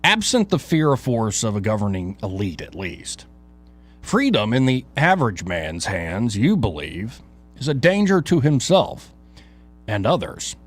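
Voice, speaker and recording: A male talk show host reading his own opinion piece aloud in an emphatic, rhetorical way, with dramatic pauses and casual asides. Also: lowish voice, big pitch swings, soft background music.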